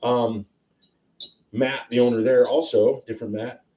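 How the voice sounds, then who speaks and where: Rambly guy hosting a whiskey tasting stream, mellow low voice, kinda far from the mic. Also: unhurried, a little hiss or hum. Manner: chatty, rambling, excitable. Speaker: host of a whiskey tasting livestream. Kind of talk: casual tasting chat. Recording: roomy sound, a bit off-mic.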